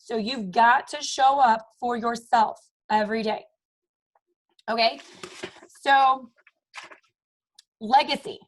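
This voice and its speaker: A woman's voice: on the high side, fairly even intonation, slow, pauses often, slight background noise, rough recording. A woman in her thirties speaking on a team call with upbeat, emphatic motivational talk, often tagging her points with "okay?" and "you guys". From Maryland, US. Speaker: team leader.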